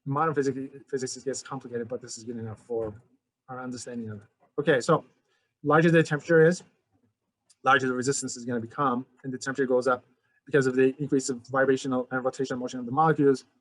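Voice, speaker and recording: Fast-talking male physics teacher. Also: medium pitch, steady tone, fairly bright tone, dry recording, rough recording. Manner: conversational, addresses students as guys, frequent restarts. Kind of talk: recorded lecture.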